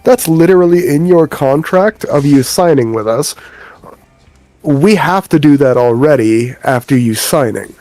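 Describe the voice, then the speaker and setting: A man's voice: on the high side, expressive, a little slow, warm tone, no room sound. A man voicing a smug mercenary businessman. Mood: businesslike. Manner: casual, blunt, breezy.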